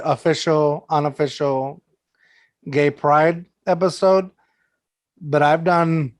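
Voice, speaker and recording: A man hosting a podcast, telling stories in casual chat with lots of fillers and laughter. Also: fairly high pitch. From San Antonio, Texas. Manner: loose storytelling, heavy "like" fillers, laughs often. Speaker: podcast host.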